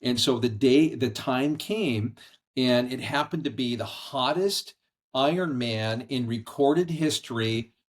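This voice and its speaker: A middle-aged man, a podcast guest, telling a personal story in an earnest, animated conversational way, speaking from a house. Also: medium pitch, takes it slowly. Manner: earnest, animated storyteller acting out quoted voices. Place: brother-in-law's house.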